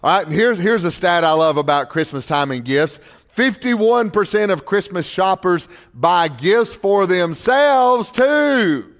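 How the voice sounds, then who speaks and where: A man's voice: sits high, expressive, unhurried, fairly bright tone, long reverb tail. A man, a pastor preaching a sermon in a church and telling folksy stories. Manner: folksy storytelling with crowd surveys. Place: church sanctuary.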